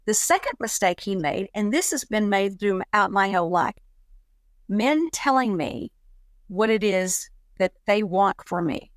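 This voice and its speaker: A middle-aged woman talking in a relaxed chat, telling a personal story and acting out the voices of people in it. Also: mid-range voice, a little slow, dry recording. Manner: animated, acts out quoted dialogue. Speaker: guest.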